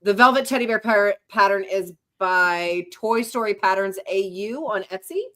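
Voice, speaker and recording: A woman with a mid-range voice hosts a relaxed livestream chat, talking easily and reading viewer comments aloud one after another. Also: medium pitch, moderate pace. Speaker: host.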